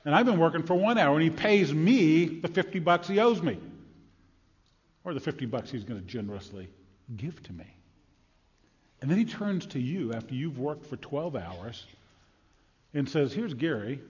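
A man preaching a sermon in a lively, conversational way, acting out quotes as he goes. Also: a little high, normal speed, long pauses, slightly rough, big-room sound, muffled recording. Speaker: pastor.

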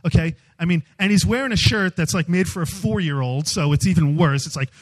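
A man speaking as a youth speaker, giving a humorous storytelling sermon in an animated, self-mocking way. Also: on the high side, a little fast, low-quality recording.

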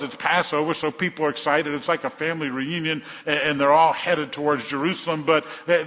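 Here a man whose voice sits on the high side, slightly bright, is preaching. He brings a Bible story to life and performs the crowd's voices, while the hall gives a dull tone and lengthy reverb.

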